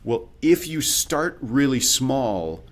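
A man's voice: mid-range voice, slow pace. A man who is an accent and dialect coach, speaking as a guest in a podcast interview, explaining things patiently like a teacher. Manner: explanatory, teacherly, animated demonstrations.

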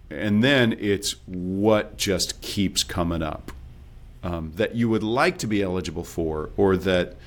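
A man with a very low voice, speaking as a guest coach in a relaxed interview. He explains his advice step by step and sometimes slips into quoted self-talk. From based in Texas. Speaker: accent and dialect coach, guest.

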